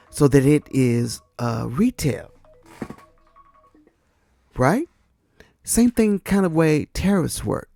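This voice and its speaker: A man's voice: a little high, gravelly, warm tone, no echo, studio quality. A man from the United States hosting a podcast, giving exasperated casual political commentary and talking straight to his viewers. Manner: exasperated, talks to viewers directly. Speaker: podcast host.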